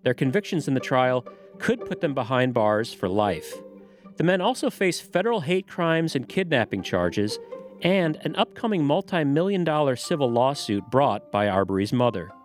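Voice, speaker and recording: A man hosting a news podcast, asking questions and reading the closing notes with a measured, steady delivery. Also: medium pitch, faint music behind.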